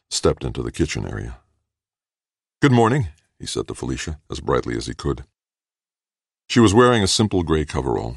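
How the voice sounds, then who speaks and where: Deep-voiced male narrator, gravelly, measured steady reading, dry close sound. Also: no room sound. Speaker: audiobook narrator. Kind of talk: scripted narration.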